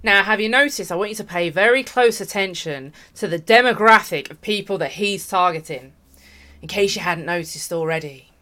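A woman's voice: medium pitch, normal speed, sharp tone. A woman from the UK hosting an online commentary show, speaking emphatically, repeating her points and addressing her viewers directly. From United Kingdom. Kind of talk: opinionated commentary.

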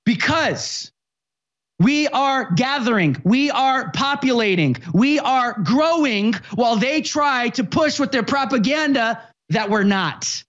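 A speaker in their twenties hosting a political commentary show, ranting with impassioned, sarcastic shouting. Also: mid-range voice, animated, takes it slowly, muffled recording.

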